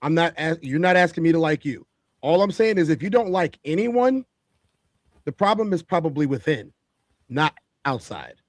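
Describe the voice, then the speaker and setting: With a very animated voice on the high side, this podcast co-host speaks at a moderate pace with no echo. He delivers opinionated talk-show commentary, preachy and emphatic, driving his points home by repeating them.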